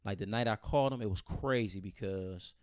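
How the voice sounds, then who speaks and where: This slightly fast, lowish male voice comes through clean with no room sound, at studio quality. He's chatting casually about something that happened to him, quoting others with animation and repeating phrases as he goes.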